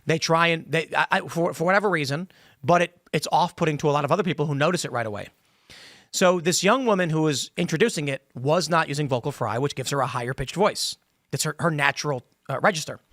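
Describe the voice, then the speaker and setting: A man hosting a panel podcast in a studio, talking with opinionated, rambling explanations. His voice sits a little high for a man. The sound is close and dry. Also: quick pace, fairly bright tone, no echo. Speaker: podcast host. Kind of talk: casual panel discussion. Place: studio table with other hosts.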